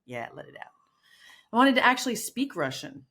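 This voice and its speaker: A woman's voice: a little high, fairly quick. A middle-aged woman co-hosting a podcast in casual chat, telling stories with lots of restarts and acted-out quotes. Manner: animated storyteller, many restarts and acted quotes. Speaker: podcast co-host.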